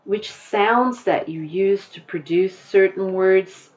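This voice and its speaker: A woman with an American accent teaching a lesson, explaining deliberately and repeating her key points. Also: medium pitch, darkish tone, highs cut off.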